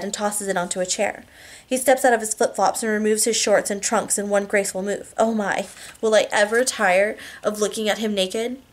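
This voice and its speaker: A woman reads a romance novel aloud in the first person, with a voice at an ordinary middle pitch. Her delivery is steady and even, the sound of a hobby audiobook reading. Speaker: audiobook reader.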